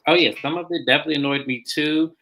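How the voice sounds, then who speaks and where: A man's voice: a little high, steady tone, racing, creaky, bright, forceful tone, rough recording. A man hosting a casual live-stream recap of a reality show, chatty and colloquial, greeting viewers by name.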